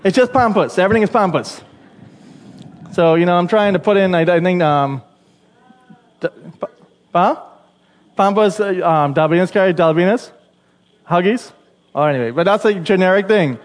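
A man's voice: high-pitched, normal speed, pauses often, big-room sound. A Bahamian man preaching a sermon, chatty and conversational, with asides to the congregation. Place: church.

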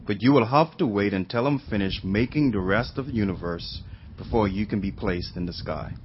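A deep, solemn creator figure, voiced by a man in a church stage play, speaking slowly and gently. The sound is dull and lo-fi, with hiss behind it. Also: lightly acted.

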